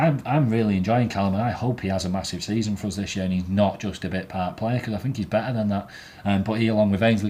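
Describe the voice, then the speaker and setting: A man's voice: lowish voice, darkish tone, slight background noise. A man, host of a fan show, rating players in a blunt, sweary and opinionated casual chat. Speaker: football fan podcast host.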